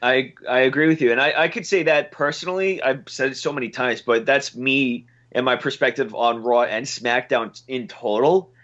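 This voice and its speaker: A man's voice: medium pitch, normal speed, few pauses, fairly bright tone. Hesitant man on a slightly dull podcast recording. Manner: hesitant, restarts sentences. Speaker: podcast co-host. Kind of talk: casual chat.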